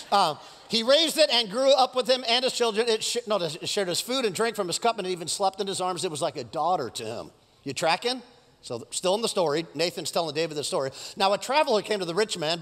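Bright, animated pastor in a reverberant hall. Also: male voice, high-pitched. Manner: animated storytelling with acted-out quotes; asks the congregation questions. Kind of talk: sermon. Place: church stage before a congregation.

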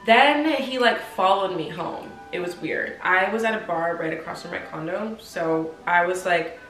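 A woman in her twenties telling a casual storytime, animated and slangy, acting out the dialogue. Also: lowish voice, normal speed. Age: 20s. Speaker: vlogger. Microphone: compact camera mic. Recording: roomy sound with faint music.

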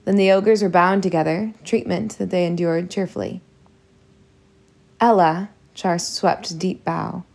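Storybook narrator, woman, steady and measured, gravelly fry. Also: fairly low pitch. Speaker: audiobook reader.

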